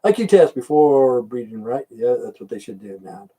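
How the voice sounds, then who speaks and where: A man's voice: medium pitch, animated, moderate pace, dark tone, slightly rough, distant mic. An older man hosting a casual livestream, rambling in blunt, profane rants. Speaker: livestream host.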